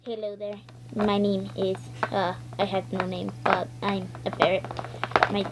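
A female speaker voicing a shy nameless ferret toy in a low, hushed voice. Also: little pitch movement, unhurried, close to an everyday voice. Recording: noisy home recording.

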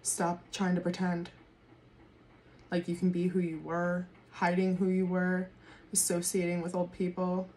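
A woman doing a casual tarot reading to camera, excitable, swearing freely and laughing often. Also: fairly low pitch, measured pace, slight background noise. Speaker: tarot reader.

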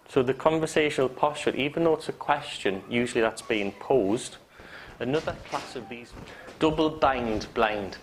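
A man's voice: medium pitch, moderate pace, slight background noise, rough recording. A man with a Geordie accent teaching hypnotherapy to a live class, joking and acting out example phrases. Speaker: hypnotherapy trainer. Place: training room with students.

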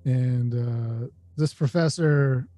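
Slow, halting male game master. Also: mid-range voice, dark tone. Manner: halting, many fillers and restarts. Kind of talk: narrating a tabletop game. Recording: dry close mic, faint music.

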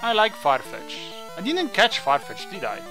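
A man's voice: high-pitched, wildly swooping pitch, moderate pace, music in the background. A man who is not a native English speaker, chatting and joking through his let's play. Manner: chatty, jokey, thinks aloud. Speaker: gaming channel host.

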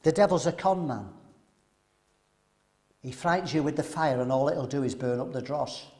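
A man preaching at a men's seminar, animated and throwing rhetorical questions to the audience. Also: medium pitch, normal speed.

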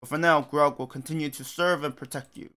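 A man's voice: on the high side, fairly even intonation, a little fast, bright, forceful tone. A man voicing Grog, a humble loyal troll. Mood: earnest. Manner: broken speech, refers to himself by name. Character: loyal humble male troll, proud and brave.

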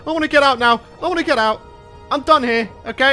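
A man's voice: very high voice, fast, bright, forceful tone, soft background music. A man hosting a let's play, talking nervously and exclaiming often as he plays. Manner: jittery, exclaims and repeats himself when scared. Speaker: gaming channel host.

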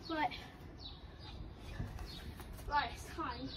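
A breathless young woman chatting and mocking herself while filming outdoors in a garden. Her voice sits high, and the outdoor recording carries a lot of background noise. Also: drawn-out words. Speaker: vlogger. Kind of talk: casual outdoor football vlog.

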